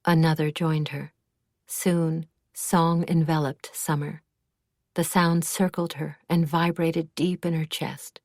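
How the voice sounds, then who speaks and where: Low, measured woman narrator. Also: level tone, a little mellow, no room sound, studio quality. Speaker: audiobook narrator. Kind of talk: scripted narration.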